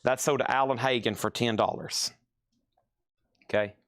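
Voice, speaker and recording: A man's voice: mid-range voice, steady tone, normal speed, a bit bright. A man hosting a live record sale, chatting casually and thinking aloud as he sorts through crates. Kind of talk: casual livestream selling.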